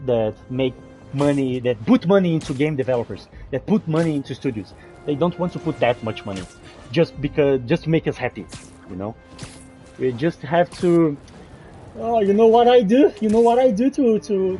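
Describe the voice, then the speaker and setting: A man giving rambling, excitable gameplay commentary as a gaming channel host, often restarting his sentences. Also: a little high.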